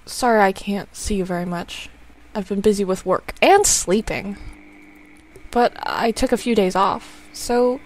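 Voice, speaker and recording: Woman voicing a young man, earnest, soft-spoken, pleading, lowered pitch. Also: a little slow. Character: young adult son, earnest and hurt.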